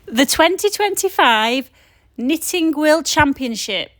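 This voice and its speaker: A woman with a very high, bright, lively voice keeps giggling through a line she cannot get right. She speaks slowly and hesitantly, a little away from the microphone. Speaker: vlogger's wife recording voice-over. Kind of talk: casual outtake attempts.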